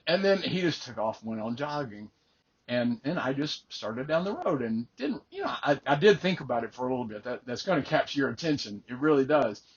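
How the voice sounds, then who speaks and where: A man's voice: mid-range voice, slightly rough, lo-fi sound. An older man, a life coach, earnestly telling a personal faith story and often repeating words as he starts a phrase.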